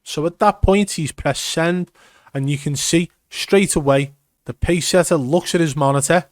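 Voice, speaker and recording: A man's voice: a little high, normal speed, no room sound, studio quality. A man giving an emphatic, step-by-step commentary on gameplay footage. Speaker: gaming commentator. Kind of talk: video breakdown commentary.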